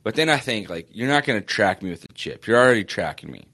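A man with a lowish voice co-hosts a casual sports podcast. He rambles through self-mocking stories. He sounds sore and breathes with effort. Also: sing-song, fast, sharp tone. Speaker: podcast co-host.

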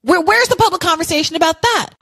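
A woman's voice: very high-pitched, quick pace, creaky, a bit bright, no echo. A woman hosting a live call-in podcast, ranting with passion. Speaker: podcast host.

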